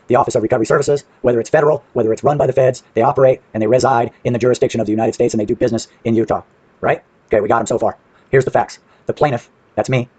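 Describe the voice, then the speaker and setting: A man's voice: medium pitch, darkish tone, husky, no echo. A man with a brash, profane manner, casually walking through paperwork on screen and asking and answering his own questions.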